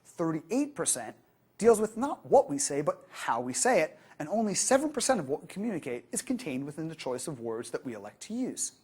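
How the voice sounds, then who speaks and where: A woman giving a training lecture on customer service, lively and acting out the customers she quotes. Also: low voice, a little fast, husky.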